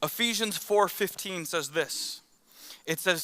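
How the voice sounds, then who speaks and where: In a conversational sermon, this pastor weaves in stories and performs the quoted lines himself. His voice is a little high, pushed and bright, delivered at a normal speed.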